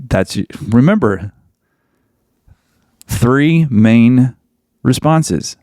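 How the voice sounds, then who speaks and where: A man speaks in a blunt, emphatic advice monologue, hammering his points home by saying them again. His mid-range voice carries a gravelly fry. The recording is dry and close, with no room sound. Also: medium pitch, expressive, slow pace, pauses often, darkish tone, no room sound. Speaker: podcast host.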